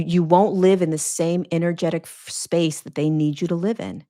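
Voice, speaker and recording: A woman with a fairly low, slightly mellow voice hosts her own podcast and speaks as a spiritual teacher. Her monologue is earnest, emphatic, and repetitive, delivered in a preaching cadence that repeats phrases for weight.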